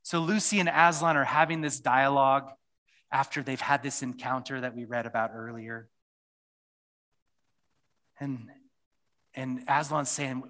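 Earnest, bright-voiced male preacher. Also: mid-range voice, steady tone, a little slow, long pauses. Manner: earnest, with repeated phrases. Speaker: pastor. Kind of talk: sermon and closing prayer.

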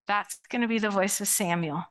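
A middle-aged woman pastor preaching a sermon to her church in a lively, conversational way, acting out quoted voices as she goes. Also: mid-range voice, a little fast. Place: church sanctuary.

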